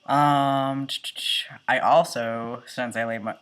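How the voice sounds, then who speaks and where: A man's voice: medium pitch, steady tone, takes it slowly, fairly bright tone, clear, resonant tone. A man in his early twenties talking casually in a video diary, chatty and full of ums and likes. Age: 20s. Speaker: vlogger.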